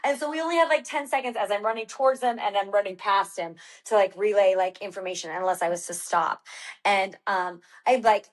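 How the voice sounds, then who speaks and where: A woman's voice: mid-range voice, brisk. A woman guest on a podcast, telling a story casually with many fillers and acting out her own quoted lines.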